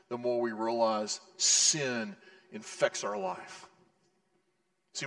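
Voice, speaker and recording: Male pastor, gravelly voice, earnest conversational preaching, big echoing church. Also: medium pitch, fairly bright tone. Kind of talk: sermon.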